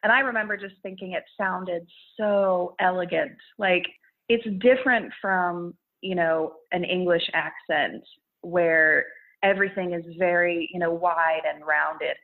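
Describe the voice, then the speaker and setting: A woman's voice: fairly low pitch, unhurried. A young woman chatting in an interview about making videos, laughing often and restarting her thoughts. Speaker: guest, content creator. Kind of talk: casual interview chat. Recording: phone-like narrow sound.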